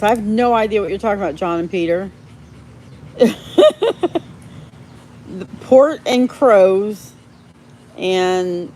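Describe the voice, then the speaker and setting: A woman hosting a casual live stream, chatting warmly with viewers by name and laughing often. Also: mid-range voice, slight background noise. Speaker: livestream host reading viewer chat.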